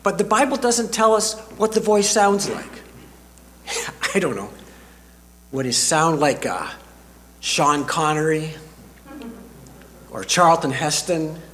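An older man preaching a sermon as a pastor, slow and deliberate with dramatic pauses, speaking in a church sanctuary. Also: a little high, animated, fairly bright tone, a little hiss or hum. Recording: reverberant hall.

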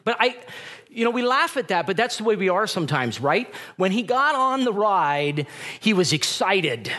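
A middle-aged man preaching a sermon, telling stories with animated energy and acting out the voices of the people in them. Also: high-pitched. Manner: animated storytelling, acts out voices in retellings. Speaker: pastor.

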